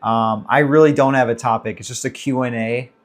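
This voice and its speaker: A man's voice: medium pitch, fairly even intonation, fairly quick. Chatty man hosting a livestream. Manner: loose and chatty, reading chat names with greetings. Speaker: livestream host. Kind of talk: casual livestream Q&A.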